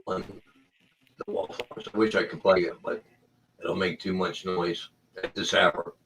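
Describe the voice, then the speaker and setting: A man on a video call from home late at night, halting and clearing his throat with a frog in his throat. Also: sits low, level tone, fairly bright tone, low-quality recording. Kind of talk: casual chat on a call.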